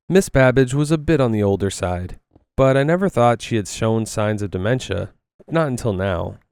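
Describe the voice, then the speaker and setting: A man with a lowish, smooth voice reads a first-person story aloud at a steady pace while gaming. The sound is dry and close. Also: no echo. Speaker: story narrator.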